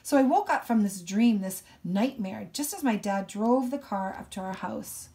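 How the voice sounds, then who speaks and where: A woman's voice: mid-range voice, lively intonation, moderate pace, mellow. A woman reading a novel aloud and explaining it thoughtfully between passages.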